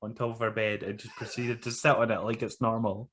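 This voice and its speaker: A man's voice: fairly low pitch, flat delivery, brisk, fairly bright tone. A man co-hosting a casual podcast chat, blunt and sweary, laughing often. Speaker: podcast co-host.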